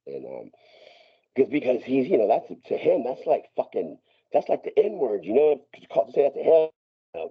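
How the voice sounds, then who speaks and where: A man tells a long, profane, rambling story as a podcast guest, with many restarts and laughs. His fairly high voice is slightly rough, and the sound is lo-fi.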